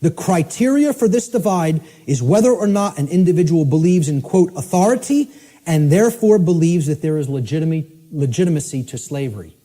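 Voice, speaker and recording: A man giving a forceful, emphatic lecture, often checking in with "okay?" and spelling words out letter by letter. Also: a little high, animated, fairly quick.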